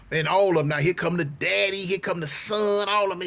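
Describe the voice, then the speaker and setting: A man's voice: high voice, moderate pace, few pauses. A man telling a wild street story casually, full of slang, dramatic asides and acted-out dialogue. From United States. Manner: animated, slangy, dramatic retelling.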